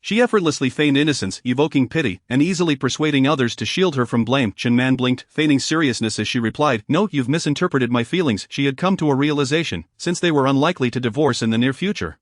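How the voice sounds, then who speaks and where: In this clip, a man narrates a romance story from a script, keeping his delivery even and deliberate. His voice rests at a typical mid pitch, captured close and dry without any ambient room.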